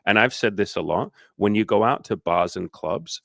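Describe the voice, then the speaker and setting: A man's voice: on the low side, moderate pace, gravelly, fairly bright tone, dry recording. A man talking as a dating coach in a casual livestream chat. He swears freely, speaks candidly, and acts out the people he quotes in exaggerated voices.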